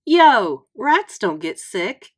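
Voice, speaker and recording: A woman's voice: medium pitch, big pitch swings, extremely slow, exaggerated voice. A woman voicing a fourth-grade boy trying to act tough, talking with a breezy, swaggering cool, in a storybook read-aloud. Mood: bragging.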